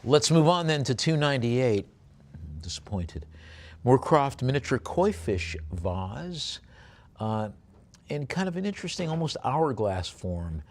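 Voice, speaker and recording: Calling bids at a live sale, this male auctioneer speaks at a measured pace in a mid-range voice, very animated throughout. His lot descriptions are full of hesitant fillers, and he tosses in jokes between bids.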